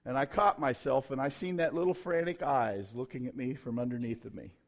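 A middle-aged man, preaching his own testimony in a folksy, emphatic way with sudden loud bursts. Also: medium pitch, fairly quick. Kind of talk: sermon testimony.

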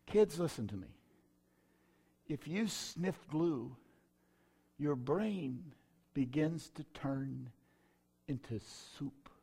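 A middle-aged man, preaching his own testimony in a folksy, emphatic way with sudden loud bursts. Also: fairly high pitch, expressive, very slow, gravelly, pauses often, slightly rough. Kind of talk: sermon testimony.

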